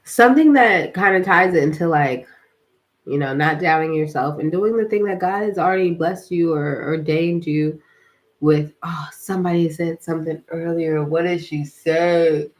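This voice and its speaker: A young livestream host, worn out from exercising, rambles through a casual spiritual stream full of fillers and slang. She speaks in a low voice at a moderate pace.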